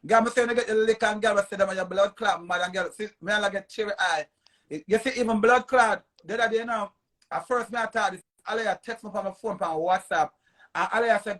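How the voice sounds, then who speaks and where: A woman's voice: mid-range voice, fairly bright tone. A woman with a Jamaican accent, talking in an emphatic, repetitive casual rant during a live chat. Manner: fast, emphatic, repeats names and phrases. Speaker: live stream guest. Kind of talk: heated casual rant in patois.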